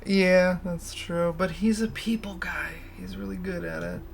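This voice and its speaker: Gravelly, rambling livestream host. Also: mid-range voice, unhurried, slight background noise. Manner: rambling and candid, laughs often, swears freely. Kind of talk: casual stream chat.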